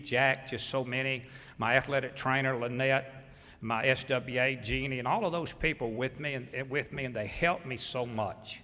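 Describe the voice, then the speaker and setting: Southern-accented man, 60s, folksy and thankful coach at the podium, bright and forceful, echoey hall. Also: mid-range voice. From Mississippi. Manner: folksy, grateful, humorous. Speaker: basketball coach. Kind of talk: hall of fame acceptance speech. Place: large hall.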